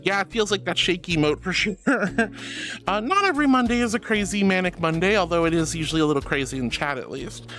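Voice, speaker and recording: A woman's voice: on the low side, expressive, fast talker, a bit bright. A woman streamer chatting casually with viewers, playful and giggly, calling them sweetie and honey. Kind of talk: casual chat reading out viewer messages. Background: faint background music.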